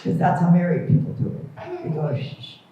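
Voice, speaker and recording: A woman's voice: sits low, a little fast, mellow, slight background noise. A middle-aged woman performing a stand-up comedy set at a club, self-deprecating and wry. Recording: echoey, distant, muffled room recording.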